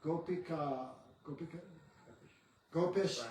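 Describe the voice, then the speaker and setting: A man's voice: a little high, fairly even intonation, moderate pace, a little mellow, far from the mic, a little hiss or hum. A man giving a devotional class, asking rhetorical questions and often checking in with "no?". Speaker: spiritual teacher. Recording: echoey room, voice from afar, faint music.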